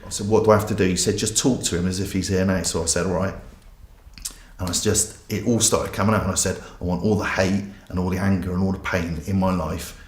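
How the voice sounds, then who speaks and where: A man's voice: sits low, steady tone, fast talker, reverberant. A man, a pastor giving a candid, self-mocking personal testimony. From England.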